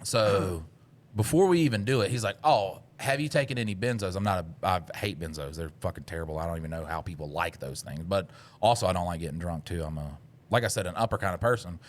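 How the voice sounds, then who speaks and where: A podcast co-host with a low-sitting voice tells a story in casual chat. He swears a lot and jumps into loud voices whenever he quotes himself.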